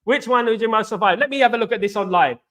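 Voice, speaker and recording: A man's voice: high voice, quick pace, sharp tone. A man hosting a casual football live stream, rambling and repeating himself as he chats with viewers and reads their comments. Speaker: football channel host.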